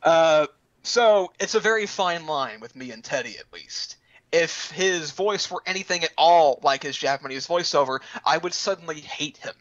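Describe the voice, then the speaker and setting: A man from Texas hosts a laid-back gaming roundtable. His voice sits fairly high and swings through a wide, lively range, with a bright, sharp tone. The recording is dull and lo-fi. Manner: animated, breaks into quick silly voice impressions. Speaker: host of a gaming roundtable stream. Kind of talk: casual chat. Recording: lo-fi dull sound.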